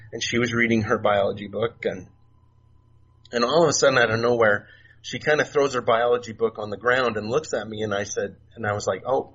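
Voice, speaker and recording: A middle-aged man telling stories as a podcast guest, soft-spoken and halting, with many fillers and restarts. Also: medium pitch, breathy edge. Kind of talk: casual storytelling interview. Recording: dull lo-fi remote audio, faint noise.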